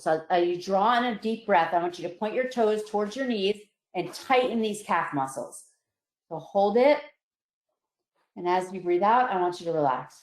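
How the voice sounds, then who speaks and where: A woman psychologist guiding listeners through a relaxation exercise, calm and slow, her voice softening on each release. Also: fairly low pitch. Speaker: psychologist presenter. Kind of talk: guided relaxation instruction. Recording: roomy echo.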